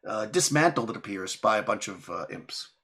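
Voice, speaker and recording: A man's voice: fairly low pitch, lively intonation, vocal fry, pushed and bright. Laid-back young male game master. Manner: casual, rambling, quick to laugh. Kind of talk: narrating a tabletop game.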